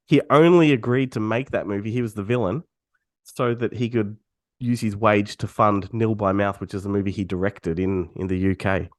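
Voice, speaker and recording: Male co-host, husky today, laid-back trivia talker, dry close sound. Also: lowish voice, normal speed, dry recording. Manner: relaxed, trivia-telling, swears casually. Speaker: podcast co-host. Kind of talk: casual chat.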